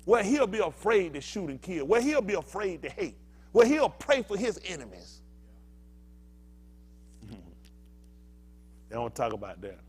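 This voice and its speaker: A man's voice: medium pitch, a little hiss or hum. An older male pastor giving a fiery sermon, heated and emphatic, firing rhetorical questions at the congregation.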